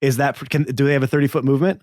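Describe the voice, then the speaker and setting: A man's voice: medium pitch, fairly even intonation, racing, a little mellow, no room sound, studio quality. A man playing a tabletop game, chiming in with teasing banter. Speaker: player. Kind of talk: casual tabletop game chat.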